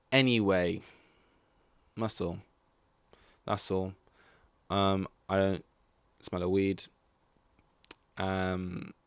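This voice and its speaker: Young male podcaster, low pitch, dry close sound, blunt and rambling. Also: clear, resonant tone, no echo. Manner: blunt, rambling, laid-back with swearing. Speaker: podcast host. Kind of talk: casual solo podcast storytelling.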